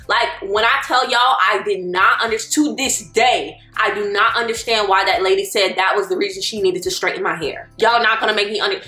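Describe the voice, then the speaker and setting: A woman, telling a personal story as a vlogger in an animated, exasperated way. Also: a little high, reverberant. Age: 20s. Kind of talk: storytelling vlog.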